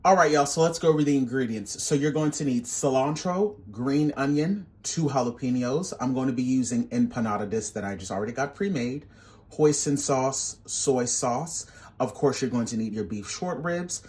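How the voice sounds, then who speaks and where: Cooking host, male, mid-pitched, playful and sassy, chatty tutorial delivery. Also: normal speed, darkish tone. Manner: sassy, playful, calls viewers baby and honey.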